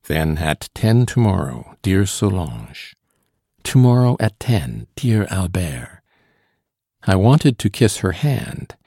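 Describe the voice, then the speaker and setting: A man narrating an audiobook in first person, with a measured, formal storytelling manner. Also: deep voice, darkish tone, slightly rough, no echo, clean studio sound. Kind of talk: audiobook reading.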